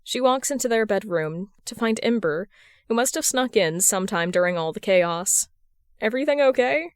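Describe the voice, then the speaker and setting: A woman reads a story aloud in a steady, measured audiobook manner. Her voice is smooth and clear at a medium pitch, recorded close with a dry sound and no room around it. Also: no echo. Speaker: podfic reader. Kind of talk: audiobook narration of fan fiction.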